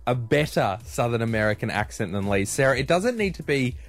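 Male radio co-host, laid-back, laughing, very wide pitch movement. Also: very animated, fairly quick, faint music behind. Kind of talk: casual radio banter.

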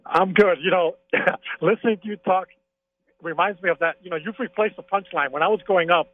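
A man calling into a sports talk show, speaking casually and arguing his opinions with excitement. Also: sits high, fairly quick, slight background noise. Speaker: caller. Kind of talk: casual call-in chat. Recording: tinny phone line.

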